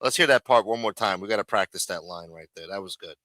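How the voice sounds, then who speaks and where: A man's voice: deep voice, fast, sharp tone, dry recording. A man hosting a live chat show, talking casually and swearing in exasperation. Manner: exasperated, cursing. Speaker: host.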